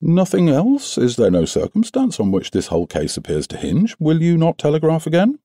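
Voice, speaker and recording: A man voicing a brisk, probing detective. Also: fairly high pitch, huge pitch swings, dark tone, dry recording, clean studio sound, voice pushed up, exaggerated voice. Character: brisk sharp-minded male detective. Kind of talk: audiobook character voice.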